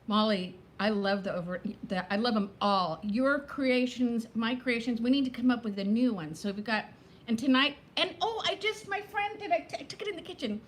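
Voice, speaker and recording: A woman in her fifties hosting a casual live chat, talking fast between topics and greeting viewers by name. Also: fairly high pitch, a little hiss or hum. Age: 50s. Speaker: livestream host.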